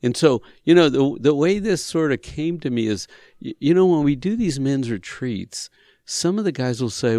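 A man's voice: mid-range voice, moderate pace, dry recording, clean studio sound. A man who leads men's retreats, explaining ideas conversationally, acting out little dialogues and hammering points with repetition. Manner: animated, acts out dialogue, rising emphasis, repeats phrases. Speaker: counselor leading men's retreats. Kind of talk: conversational teaching on a talk show.

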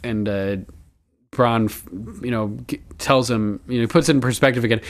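A man's voice: mid-range voice, normal speed. Chatty man recapping with laughs. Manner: loose and chatty, swears, laughs often, quotes lines in passing. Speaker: podcast host recapping a TV episode. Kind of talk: casual chat.

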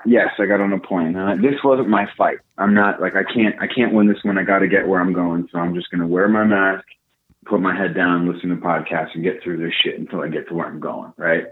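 A young man telling a casual story, animated and profane, acting out what people said. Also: deep voice, brisk. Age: young adult. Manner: animated, profane, acts out quotes. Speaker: podcast co-host. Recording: tinny phone-like line.

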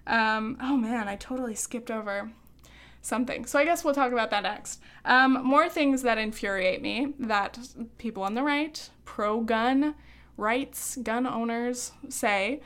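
Woman podcast host, rapid heated rant, breathless, higher-pitched voice. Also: fairly bright tone, clear, resonant tone. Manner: fast, heated, breathless ranting. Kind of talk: opinionated podcast monologue.

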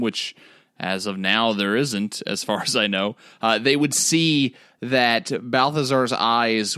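A man's voice: medium pitch, a bit bright, clean tone, no echo, studio quality. A man playing a tabletop game, narrating his character's actions in the third person. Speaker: player.

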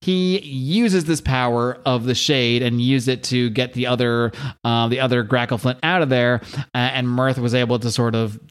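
A man's voice: mid-range voice, steady tone, normal speed, clean tone. A man hosting a podcast, casually retelling a story with lots of restarts. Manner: rambling with frequent restarts and fillers. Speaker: podcast host.

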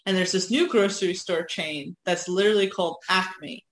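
A woman's voice: fairly low pitch, normal speed. A woman chatting casually as a co-host, rambling and laughing often. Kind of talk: casual chat. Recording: echoey room.

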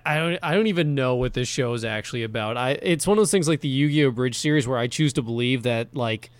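A man's voice: mid-range voice, smooth, dry recording. A man talking loosely as a podcast co-host, his voice sitting in a middle register. He rambles, stacks up fillers and laughs often. The sound is dry and close, with little room around it. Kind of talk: casual chat.

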